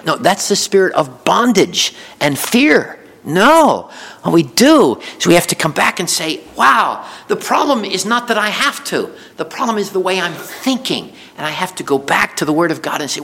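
A male pastor delivers a sermon in a church, his voice riding a wide, animated pitch range. He sits slightly higher than the average man and talks conversationally, repeating words as he builds momentum. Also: normal speed. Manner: lively preaching with chuckles and repetitions. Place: church sanctuary.

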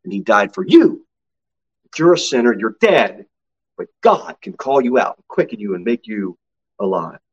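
A man preaching a sermon as pastor, swinging from low, quiet asides to high, ringing exclamations. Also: sing-song, normal speed, husky, highs cut off.

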